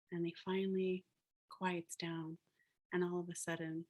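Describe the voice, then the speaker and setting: Woman speaker telling a story over a video call, casual and low-pitched. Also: little pitch movement, a little slow, darkish tone. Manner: casual, fills with "like" and "you know". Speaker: guest speaker, planner. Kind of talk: storytelling talk.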